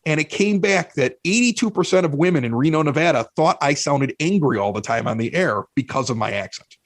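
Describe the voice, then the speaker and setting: A man with a Chicago accent, a podcast guest telling animated, self-mocking stories in casual chat, often restarting his sentences. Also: a little high, a little fast, no echo.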